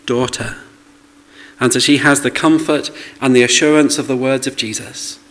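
A man's voice: mid-range voice, fairly even intonation, moderate pace, a bit bright, low-quality recording. Conversational male preacher, sermon. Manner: conversational, rhetorical asides and questions.

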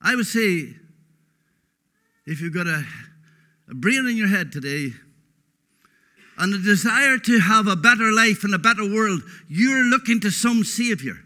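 A man's voice: sits high, animated, unhurried, pauses often, pushed and bright. A man preaching a sermon, emphatic and folksy, repeating words for stress.

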